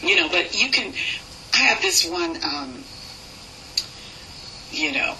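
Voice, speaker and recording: A woman's voice: medium pitch, expressive, takes it slowly, long pauses, bright, forceful tone, a little hiss or hum, rough recording. A woman with a New York accent, speaking as a guest in a casual radio interview and laughing easily.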